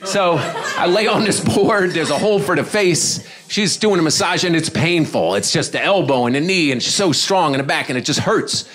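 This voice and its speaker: Middle-aged man, stand-up comic, rambling crude storytelling, voice a bit high, comedy club stage mic. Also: expressive, moderate pace, few pauses, a bit bright. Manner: loose, rambling, crude, acts out characters.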